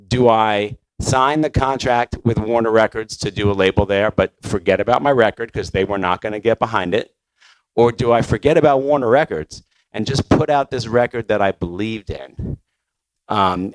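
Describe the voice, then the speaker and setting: Middle-aged male label founder, lowish voice, chatty storyteller, close and dry. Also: no room sound, poor audio. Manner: conversational with many fillers and restarts. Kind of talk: conference talk storytelling.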